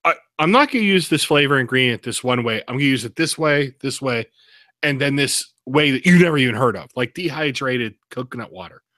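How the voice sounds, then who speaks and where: A man's voice: medium pitch, lively intonation, a little fast, sharp tone, no echo, studio quality. A man co-hosting a casual beer review podcast, talking in a loose, profane, rambling way. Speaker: podcast co-host.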